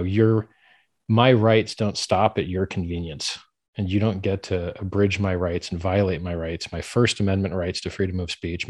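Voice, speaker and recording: A man's voice: sits low, slightly rough, no echo. A man with a blunt, opinionated manner, speaking as a guest in a casual interview.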